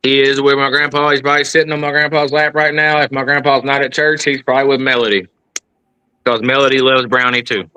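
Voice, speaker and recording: A man's voice: mid-range voice, level tone, fast talker, pushed and bright, clean tone, no room sound, low-quality recording. A man in his thirties talking heatedly and profanely in casual chat, rambling as he gets worked up. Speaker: guest.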